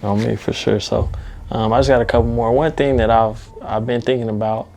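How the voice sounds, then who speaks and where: A man interviewing a guest in a relaxed way, asking questions slowly with fillers. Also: mid-range voice, vocal fry, a little hiss or hum. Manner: laid-back, hesitant with fillers.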